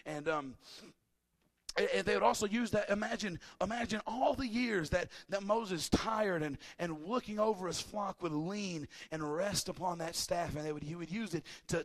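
A man preaching a sermon as pastor, animated, swinging from loud shouts to quiet, casual asides. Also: sits high. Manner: casual, chatty asides with laughter.

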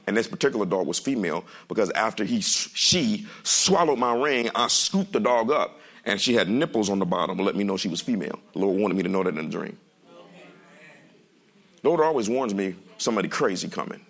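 A male pastor preaching a sermon in a lively, joking way, speaking straight to the congregation. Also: low voice, gravelly. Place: church sanctuary.

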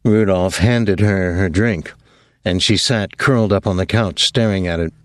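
Male narrator, low voice, measured storytelling, dry close recording. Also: dry recording. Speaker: audiobook narrator. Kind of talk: scripted narration.

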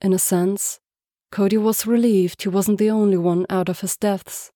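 A woman reading a story aloud as narrator, soft-spoken and even. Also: medium pitch, normal speed, dry recording, clean studio sound. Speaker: podfic reader. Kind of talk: scripted narration.

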